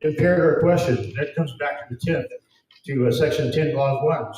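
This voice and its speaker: With music playing in the background, a man whose voice is a little high speaks at a moderate pace, delivering a fervent, emphatic lecture that leans preachy. He's an event speaker in a very echoey hall, recorded from a distance.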